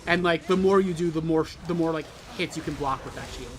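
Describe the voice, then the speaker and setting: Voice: mid-range voice, fast. A co-host with a New Jersey accent, coaching a new player and joking insistently. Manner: animated, loudly insistent jokes. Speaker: co-host of a game stream. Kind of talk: casual gaming chat.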